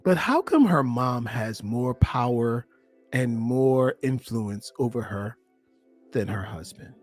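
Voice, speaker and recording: A man working as a relationship coach, giving animated, emphatic commentary on a played clip and speaking straight to his listeners. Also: mid-range voice, takes it slowly, faint music behind.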